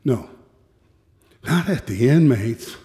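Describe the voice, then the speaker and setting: A man, a former prison guard, telling a personal story in a measured, grave way with deliberate pauses. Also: medium pitch, lively intonation, dark tone. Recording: echoey hall with long reverb.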